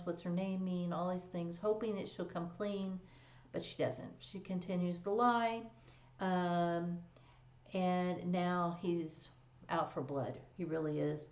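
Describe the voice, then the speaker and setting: A woman hosts a live stream in a relaxed, chatty way, with plenty of fillers and little laughs as she walks through a drama's episodes. Her voice sits at an ordinary pitch for a woman. It rings in a roomy space, and the stream audio sounds dull and lo-fi. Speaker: stream host recapping a drama. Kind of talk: casual recap chat.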